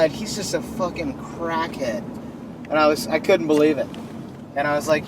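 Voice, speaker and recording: A man rambling through a story as a character in a low-budget indie film. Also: brisk. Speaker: filmmaker. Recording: distant mic with loud background noise.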